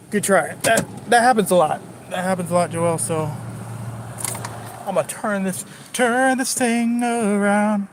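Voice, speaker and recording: A man's voice: high voice, a little hiss or hum. A man chatting casually to live-stream viewers while driving around town, rambling and joking as he goes. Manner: rambling, jokey, talks to chat viewers nonstop. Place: in a car driving through city streets.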